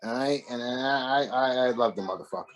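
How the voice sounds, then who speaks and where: A man who is a former wrestler, telling profane stories in a casual interview with an animated, laughing manner. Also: medium pitch, fast.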